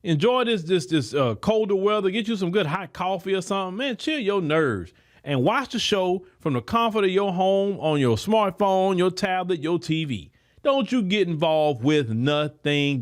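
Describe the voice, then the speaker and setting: A man hosting a podcast, giving a political commentary monologue in an emphatic, preachy way, talking straight to his listeners with loose, repetitive phrasing. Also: on the high side. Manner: colloquial, many repeated words. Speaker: podcast host.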